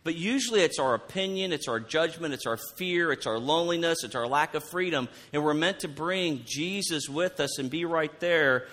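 A man's voice: on the high side, lively intonation, normal speed, hardly any pauses, a bit bright. A man preaching a conversational sermon, who often repeats words and asks his listeners questions. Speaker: pastor.

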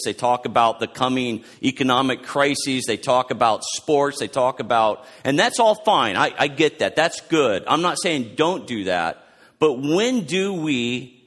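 A male pastor giving a fervent sermon, preaching loudly at close to a yell. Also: mid-range voice. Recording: long hall reverb.

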